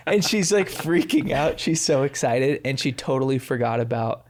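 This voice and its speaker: A man's voice: medium pitch, animated, moderate pace. Man telling a family anecdote. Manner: warm anecdotal telling, acts out quotes. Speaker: podcast co-host. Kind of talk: casual storytelling.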